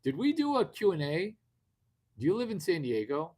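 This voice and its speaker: A man's voice: high voice, wildly swooping pitch, normal speed, a little mellow. A man hosting a live video stream, talking brashly and rambling at his viewers with a lot of swearing. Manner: brash, profane, rambling, addresses viewers directly. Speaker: livestream host. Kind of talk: unscripted livestream talk.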